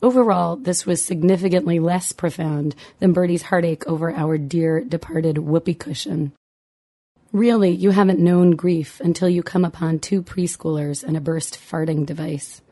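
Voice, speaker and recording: A woman's voice: fairly low pitch, fairly even intonation, normal speed, warm tone. A middle-aged woman, a mother, reading her memoir aloud with dry, wry humor.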